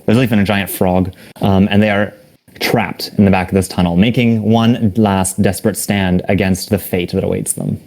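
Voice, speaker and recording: A game master paints a dark scene for his players in relaxed, vivid detail. His voice sits very low. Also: normal speed. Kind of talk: descriptive narration of a tabletop game.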